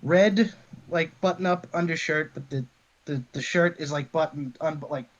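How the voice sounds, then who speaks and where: A man's voice: fairly high pitch, moderate pace, muffled recording. A man playing a tabletop game and chatting casually, with "like" fillers. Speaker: player.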